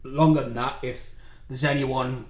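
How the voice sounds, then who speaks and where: A man around forty from North East England, a podcast host chatting casually, self-deprecating and quick to laugh. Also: medium pitch, steady tone, roomy sound. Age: 40s. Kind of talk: casual chat.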